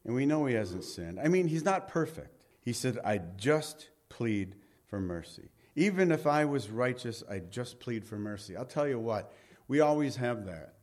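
Male Bible teacher, mid-range voice, lively conversational sermon delivery with quiet, low closing lines. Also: moderate pace. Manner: animated, reads scripture aloud then paraphrases it conversationally.

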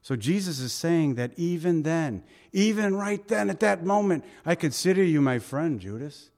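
A man preaching a sermon, telling scripture as vivid scenes with rhetorical questions, dropping soft for tender quoted lines. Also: lively intonation, moderate pace, vocal fry. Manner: voice drops soft and low for quoted tender words.

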